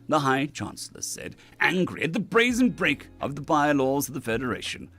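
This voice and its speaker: A man narrating a sci-fi short story in an expressive, animated way, his voice sitting fairly high and moving up and down a lot. Faint music plays underneath the reading. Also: normal speed, few pauses. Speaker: narrator, streamer. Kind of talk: reading sci-fi stories aloud.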